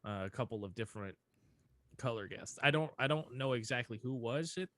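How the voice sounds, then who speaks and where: An animated young man chatting casually on a podcast, laughing and cursing freely. His voice sits in a middle register. The sound is close and dry, with no room echo. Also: mid-range voice, fairly quick. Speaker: podcast co-host. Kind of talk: casual chat.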